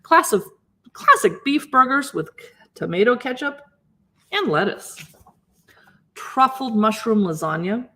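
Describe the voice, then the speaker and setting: A woman's voice: fairly high pitch, animated, measured pace, long pauses, pushed and bright. A woman hosting a casual live stream, chatting enthusiastically as she flips through cookbooks and muses aloud over recipes. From Seattle area. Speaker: cookbook channel host.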